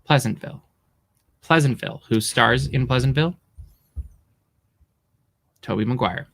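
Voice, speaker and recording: A man's voice: mid-range voice, measured pace, fairly bright tone. A man co-hosting a podcast in casual chat, rambling with lots of fillers. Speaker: podcast co-host.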